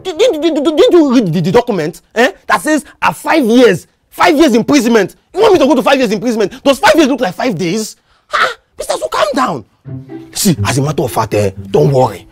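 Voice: medium pitch, huge pitch swings, brisk, soft background music. An actor playing a scheming two-faced neighbour who soothes and plots, full of fillers and stammers, with a Nigerian accent.

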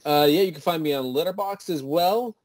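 A young man co-hosting a podcast, talking in a relaxed, wry, joking way. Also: a little high, brisk, no echo. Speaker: podcast co-host. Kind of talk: casual chat.

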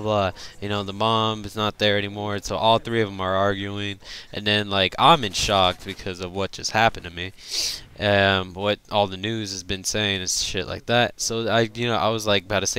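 A man's voice: lowish voice, sharp tone, clean tone. A young man telling a rambling, profane story over gameplay as a gaming channel host. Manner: profane, rambling, laughs often.

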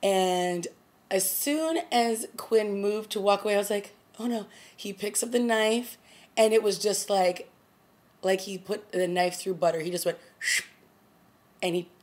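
A woman's voice: mid-range voice, normal speed, a little mellow. A woman talking casually to camera as a TV review vlogger, retelling scenes with quoted lines and small laughs. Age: adult. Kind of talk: casual chat.

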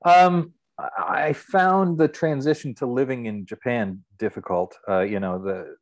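A middle-aged man, a guest in a casual interview, telling stories in a relaxed, rambling way. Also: medium pitch, unhurried, dry recording.

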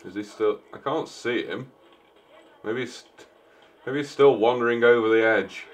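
At a normal speed but with long pauses, a man with a mid-range voice plays a game and chats. His let's-play commentary is casual and joking, and he answers back to the characters as a streamer.

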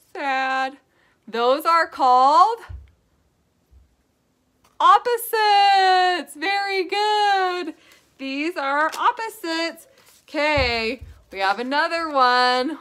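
A young woman leads a preschool lesson in a high, bright voice. She speaks slowly and in a sing-song way, asking little children questions and cheering their answers. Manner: slow, sing-song, encouraging prompts to children. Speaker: preschool teacher.

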